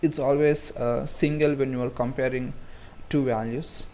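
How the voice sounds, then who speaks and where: A man's voice: medium pitch, fairly even intonation, moderate pace, mellow, a little hiss or hum. A man giving a casual screen-recorded coding tutorial, talking through each step with frequent fillers and restarts. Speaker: programming tutor.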